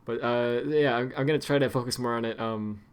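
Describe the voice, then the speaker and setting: A man's voice: medium pitch, fairly even intonation, fairly quick, clear, resonant tone. A man streaming, chatting casually and rambling with lots of fillers and restarts.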